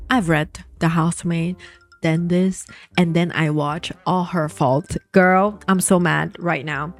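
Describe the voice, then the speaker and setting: A woman's voice: fairly low pitch, fairly even intonation, slow, a little hiss or hum. Chatty woman retelling a novel. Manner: chatty and emphatic, addresses viewers directly. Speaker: book storytime host. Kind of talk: casual storytime retelling of a novel.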